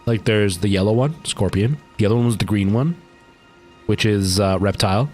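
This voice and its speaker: A man's voice: lowish voice, moderate pace, darkish tone, faint music behind. Tired, chatty man streaming. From Canada. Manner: rambling, chatty, talking to chat while playing. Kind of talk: casual gaming stream chat.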